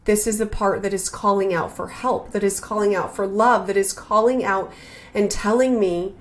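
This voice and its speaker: A woman hosting a spiritual podcast, speaking slowly and earnestly in a heartfelt, reflective way, often repeating her phrases. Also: mid-range voice, fairly even intonation. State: emotional, near tears.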